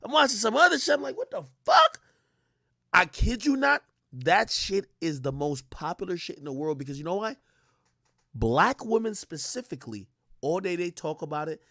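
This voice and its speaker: A high-voiced man telling stories on a livestream, swinging his pitch up and down and swearing freely as he talks. His voice sits close to the mic in a dry, dead room. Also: moderate pace, gravelly, no echo. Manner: animated, profane, storytelling with quoted voices. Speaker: streamer. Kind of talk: casual livestream rant.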